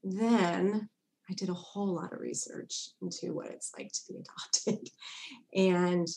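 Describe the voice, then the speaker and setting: Middle-aged woman guest, candid and quick to laugh; slight vocal fry. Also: fairly low pitch, fairly even intonation, darkish tone. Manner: candid, laughs often, acts out her past self in quotes. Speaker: guest psychotherapist. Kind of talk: personal story in a podcast interview.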